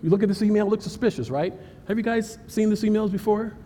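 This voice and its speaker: A man giving an animated, joking cybersecurity presentation at a live conference, talking straight to the audience. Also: high voice, quick pace, slight background noise. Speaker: cybersecurity speaker. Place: conference hall. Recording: hall reverb with faint ambience.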